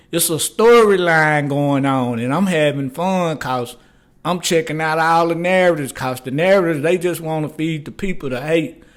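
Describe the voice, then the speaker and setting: An older man hosts a casual sports talk show from his garage. His voice sits a little high, and he talks loose and rambling in street slang, dropping "man" into almost every line. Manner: loose, rambling, slangy, repeats "man" and "you know what I'm saying". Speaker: podcast host.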